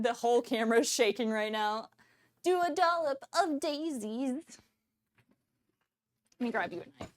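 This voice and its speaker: Casting: bubbly woman cooking streamer, high voice, laughs a lot. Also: expressive, normal speed, pauses often. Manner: bubbly, laughs often, reacts to chat. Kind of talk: casual livestream chat with viewers.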